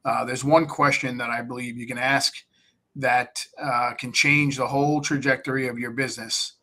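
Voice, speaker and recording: A man's voice: medium pitch, steady tone, moderate pace, bright, forceful tone. A man being interviewed on a live stream, coaching investors in a blunt, plain-spoken way and acting out talks with sellers. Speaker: real estate investor guest.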